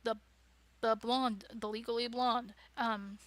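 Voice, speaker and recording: A woman's voice: on the high side, steady tone, slow pace, no room sound. A woman leading a writing club, giving an informal, chatty talk with frequent restarts and fillers. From United States. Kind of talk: casual informal teaching talk.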